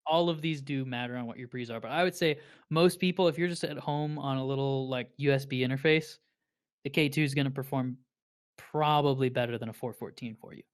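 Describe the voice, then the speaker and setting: A man's voice: medium pitch, a little fast. A man co-hosting a casual audio podcast, comparing microphones and thinking aloud with frequent restarts. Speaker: podcast co-host.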